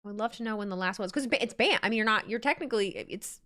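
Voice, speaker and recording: A woman's voice: medium pitch, very fast, noisy background. A woman live-streaming her reaction to a wrestling show, chatting casually, laughing often and reading viewer messages aloud.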